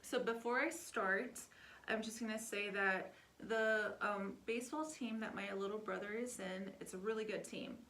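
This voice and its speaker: Casual storytime vlogger, young woman, chatty, rambling with fillers, mid-pitched voice. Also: normal speed, a little hiss or hum. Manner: chatty, animated, heavy with filler words.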